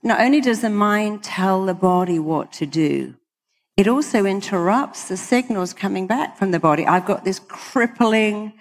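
A British woman who works as a hypnotherapist gives an emphatic motivational talk to an audience in a large hall, her mid-range voice trailing a long reverb tail. Expressive and at a moderate pace, she quotes people in acted voices.

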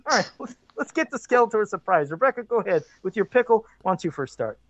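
A podcast co-host telling stories in fast, excitable and sweary casual chat. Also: medium pitch, no echo. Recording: dry, dull lo-fi podcast audio.

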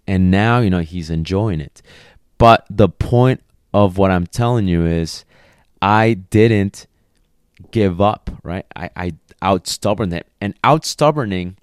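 A man who trains dogs, talking casually to his video audience as an animated storyteller who swears freely. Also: lowish voice, smooth, no echo, clean studio sound. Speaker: dog trainer. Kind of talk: casual vlog talk.

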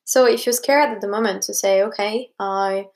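Young woman, gravelly voice with vocal fry, casual advice talk, rambling, lots of fillers, acts out other people's lines. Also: medium pitch, steady tone, moderate pace, a little mellow. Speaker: vlogger giving advice.

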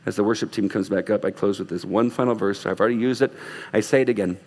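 A man's voice: lowish voice, fast talker, a little mellow, big-room sound. A male pastor preaching a sermon in a church, earnest with humorous asides, then leading a closing prayer. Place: church sanctuary.

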